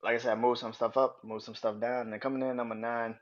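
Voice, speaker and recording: Profane, rambling podcast host. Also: male voice, mid-range voice, level tone, quick pace, dull audio. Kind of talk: casual wrestling commentary.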